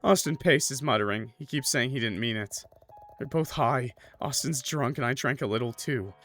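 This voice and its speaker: A man's voice: mid-range voice, normal speed, a bit bright, faint music behind. A man playing a horror game, reading its text aloud and chatting casually between passages. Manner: casual, laid-back, lots of "like" and "bro". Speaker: streamer. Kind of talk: let's play, reading game text with commentary.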